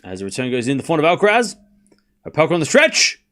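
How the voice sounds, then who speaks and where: A man hosting a live stream, calling tennis points with excitable play-by-play and chatting casually with his viewers. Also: on the high side, quick pace. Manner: excitable play-by-play mixed with laid-back banter to chat. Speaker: stream host doing live tennis commentary.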